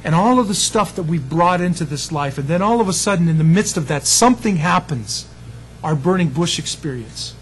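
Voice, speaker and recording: A man's voice: a little high, animated, brisk, slight background noise, poor audio. A male pastor preaching a sermon in a conversational way, often checking in with "you see" and "amen" before closing in prayer.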